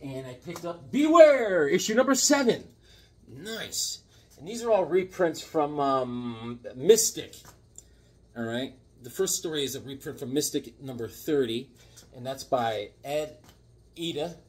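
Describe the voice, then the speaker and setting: A man in his fifties chatting casually about his comic books, animated and jokey with sudden loud outbursts. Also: a little high, a little slow, slightly rough. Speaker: comic book collector. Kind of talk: casual chat showing comics.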